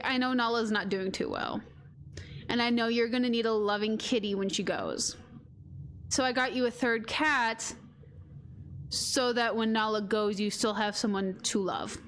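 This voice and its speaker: A woman with a slightly high voice rambles through a personal story at her streaming desk, quoting her sister along the way. A faint hum sits under the recording. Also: measured pace, long pauses, a bit bright. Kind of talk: casual storytelling while gaming.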